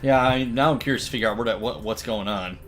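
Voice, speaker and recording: A man's voice: medium pitch, fast talker, soft background music. A man streaming a visual novel, reading its lines aloud in a playful, joking way. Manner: playful, reads lines with mock voices and laughs. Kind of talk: let's play commentary, reading game text aloud.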